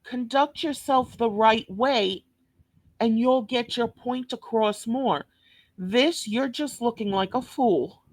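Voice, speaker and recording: A woman with a New York accent rants bluntly through a reaction commentary, cursing and scolding. She talks slowly in a fairly high voice. The sound is dry and close. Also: dry recording. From Brooklyn, New York. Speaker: reaction video host.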